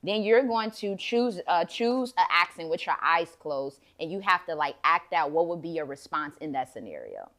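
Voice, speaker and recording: Playful Chicago woman hosting a chat show; laughs easily, gets loud. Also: on the low side, sing-song, moderate pace, few pauses. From Chicago, USA. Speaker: podcast host. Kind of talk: casual chat.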